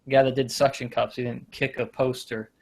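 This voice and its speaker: A man of middle pitch hosts a loose comedy show, joking his way through rambling stories. He wanders off his point and laughs at himself, keeping the banter casual. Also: level tone, fairly quick, gravelly, a little mellow. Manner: rambling, self-deprecating, loses his point. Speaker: podcast host.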